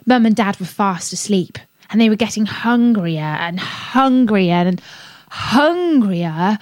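A woman reading a children's story aloud on a radio show, gentle and expressive. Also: mid-range voice, slow pace, dry recording.

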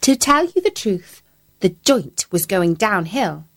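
A woman reading a storybook aloud as a chatty mouse, playful and expressive. Her pitch roams widely, and she takes her time with every line. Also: slow pace.

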